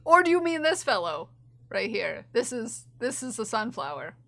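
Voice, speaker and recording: A woman's voice: fairly high pitch, big pitch swings, moderate pace, vocal fry, fairly bright tone, no room sound, clean studio sound. A young woman streaming from home, talking to her chat in a giggly, gushing way on a desk mic. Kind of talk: casual live-stream chat.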